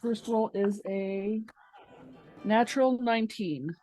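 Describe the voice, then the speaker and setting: A woman's voice: mid-range voice, slow, dark tone, soft background music, rough recording. A woman playing a tabletop game, giving short, matter-of-fact calls of her dice rolls. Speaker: player. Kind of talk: casual tabletop play, calling out dice rolls.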